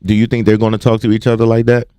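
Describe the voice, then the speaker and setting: A man's voice: fairly low pitch, racing, clear, resonant tone, no room sound. A man co-hosting a podcast, chatting casually, laughing often and acting out other people's lines. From Washington, D.C. area. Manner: animated storyteller, laughs often, acts out quotes. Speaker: podcast co-host. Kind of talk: casual chat.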